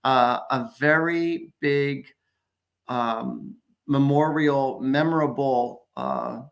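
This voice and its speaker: Gravelly-voiced man hosting a psychic show. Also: mid-range voice, very slow. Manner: rambling, chuckling storyteller. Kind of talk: casual psychic readings chat.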